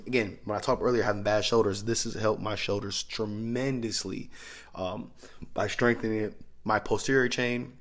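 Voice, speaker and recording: A man talking as a strength coach, explaining training methods in a loose, conversational way. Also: on the low side. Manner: conversational, loose, with restarts and asides. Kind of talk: casual instructional talk.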